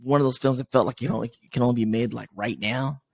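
A man's voice: mid-range voice, fast talker, vocal fry, darkish tone, dry recording, clean studio sound. A man hosting a podcast, talking about films in an enthusiastic, rambling way with many fillers. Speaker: podcast host. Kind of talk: casual podcast chat.

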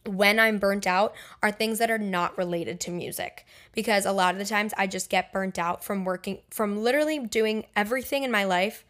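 A woman's voice: mid-range voice, moderate pace, hardly any pauses, a bit bright. Young female podcast host, casual solo chat, loose and chatty delivery, mid-range voice. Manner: chatty, with fillers like "um" and "like".

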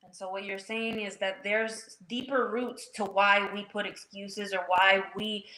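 A woman's voice: medium pitch, little pitch movement, a little slow, bright, forceful tone, reverberant, poor audio. A woman hosting a faith talk show who sums up her guest's points in an affirming, reflective way.

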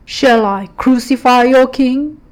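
A man's voice: very high voice, slow pace, low-quality recording. A woman voicing a stern middle-aged male Roman governor during a devotional scripture reading, lifting her voice to declaim. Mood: proclaiming.

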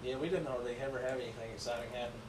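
A man in a casual chat, talking in a quick, offhand way. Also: mid-range voice. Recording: distant, roomy and noisy.

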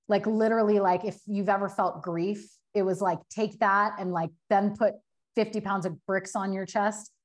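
Casting: woman, 30s, podcast guest, earnest storyteller, middle pitch, lots of "like.". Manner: earnest, fast, many filler likes, acts out quotes. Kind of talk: candid personal story in a podcast interview.

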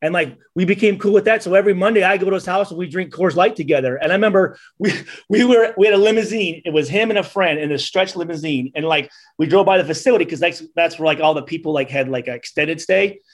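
A man in his forties with a notably high voice, telling stories on a podcast. He is loose and animated and keeps dropping "dude." The talk is casual and easy. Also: fast talker, few pauses. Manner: animated storyteller, calls listeners dude. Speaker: guest, former football player.

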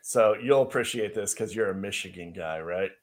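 A man's voice: lowish voice, moderate pace. A man co-hosting a podcast, chatting casually and telling a funny story with easy laughs. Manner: animated storyteller who laughs easily and says "dude". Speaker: podcast co-host.

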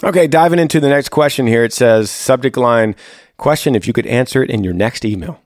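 Man, podcast host, earnest fatherly advice, mid pitch, dead dry room. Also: brisk, no room sound, soft background music. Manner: earnest, fatherly, repeats himself. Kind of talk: casual podcast advice and ad reads.

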